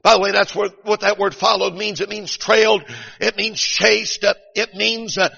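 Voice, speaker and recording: A middle-aged preacher whose high, gravelly voice cuts through with a bright, husky edge. He swings from shouted peaks to hushed storytelling. The sound is dull and carries a long reverb from a large church hall. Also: little pitch movement, moderate pace. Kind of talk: revival sermon.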